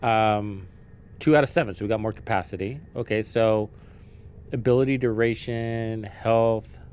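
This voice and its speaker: Low-voiced guy streaming a game, chatty, thinks out loud, swears a bit. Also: normal speed, clear, resonant tone. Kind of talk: casual live-stream chat.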